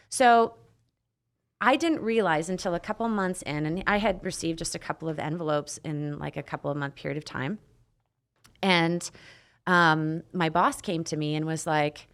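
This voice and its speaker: A woman's voice: lowish voice, moderate pace, a bit bright. A woman from Canada, a nurse practitioner, telling her story as a podcast guest in a candid, casual way, swearing now and then and acting out dialogue.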